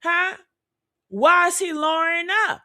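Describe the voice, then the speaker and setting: A woman delivers reaction commentary in a high voice. She talks slowly and with heavy emphasis, repeating lines and calling listeners honey and baby. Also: animated, fairly bright tone. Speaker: commentary creator.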